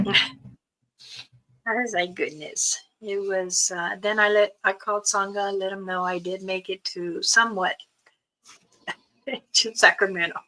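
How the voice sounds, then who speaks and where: A woman's voice: medium pitch, fairly even intonation, slow, pauses often, sharp tone, rough recording. A woman hosting a casual livestream, chatting about a trip with frequent laughs and reading viewer comments aloud. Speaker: livestream host. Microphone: streaming setup.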